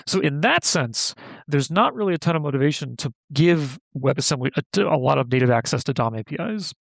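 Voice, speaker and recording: Man, gravelly voice, slightly high pitch, dry close sound, casual technical explainer, lots of filler words. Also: animated, brisk, no echo. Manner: thinks aloud, lots of "like" and self-corrections. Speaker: guest software engineer.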